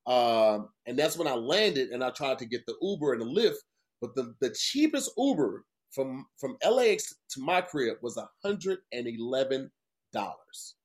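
A man's voice: mid-range voice, normal speed. A man co-hosting a podcast, telling a long story casually, swearing often and acting out what people said. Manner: profane, animated storytelling with voiced quotes. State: tired. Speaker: podcast co-host.

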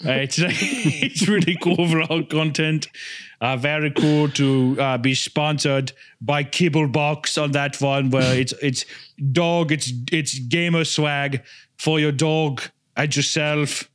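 High-voiced man doing goofy podcast banter. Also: steady tone, slow, fairly bright tone. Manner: mock YouTuber voice, frequent laughter, swearing. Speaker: podcast co-host. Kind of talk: comedic improv banter.

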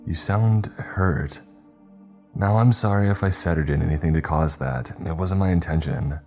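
A man's voice: low voice, moderate pace, darkish tone, soft background music. A man voicing a wary young woman who answers defensively and firmly, reading the story aloud. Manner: defensive, guarded replies. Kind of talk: storytelling narration.

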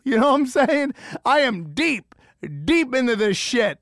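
A middle-aged man rants through a comic story on his podcast. His voice keeps leaping up in disbelief and dropping low, with plenty of swearing. The sound is close and dry, with no room around it. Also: moderate pace, no echo. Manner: animated, swearing, incredulous, jumps between high and low pitch. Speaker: podcast host. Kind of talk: comedic storytelling rant.

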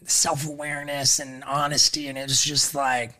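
Man with a sharp, tense voice. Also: mid-range voice, little pitch movement. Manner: halting, stacks fillers and restarts; swears freely. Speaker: podcast guest. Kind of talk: casual storytelling.

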